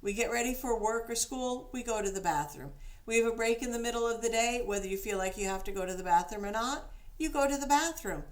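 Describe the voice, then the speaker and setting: A woman's voice: on the high side, fast talker. A woman dog trainer giving casual, practical instructions, now and then acting out the praise she gives a dog.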